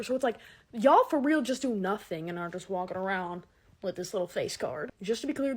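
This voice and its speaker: A woman's voice: mid-range voice, husky. A teenage girl ranting sarcastically and dramatically to camera in a comedic monologue. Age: teens. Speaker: comedic creator.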